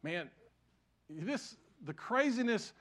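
Older male pastor, high voice, sermon, storytelling, dropping to soft hushed lines then loud again. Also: big pitch swings, slow. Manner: storytelling, self-deprecating humor, swings from loud to soft.

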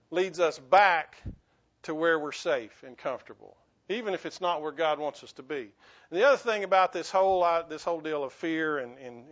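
Here the pastor's voice is a little high and a bit bright. He preaches earnestly, repeatedly restarting phrases before breaking into emphatic bursts, and the lo-fi recording sounds dull.

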